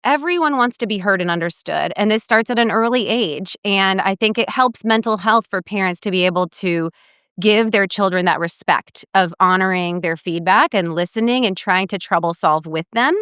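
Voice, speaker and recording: Woman guest dietitian, middle-aged, animated storyteller; clear, crisp voice. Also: medium pitch, moderate pace, no echo, clean studio sound. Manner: warm storytelling, animated quoting of others. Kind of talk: podcast interview.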